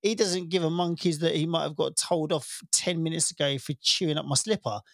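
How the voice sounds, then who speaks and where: Man, 30s, podcast co-host, lively storyteller, dry close recording. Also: a little high, brisk, no echo. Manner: laughs often, animated storytelling. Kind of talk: casual podcast chat. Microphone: podcast microphone.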